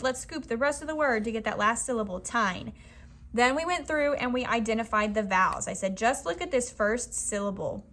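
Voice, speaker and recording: A young woman who teaches first grade talks through her reading lesson in a loose, chatty way. Her voice sits a little high for a woman. She slips in and out of a bright classroom teacher voice as she acts out what she told her students. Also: expressive, fairly quick. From Florida. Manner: loose and chatty, with many fillers. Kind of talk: casual teaching vlog walkthrough.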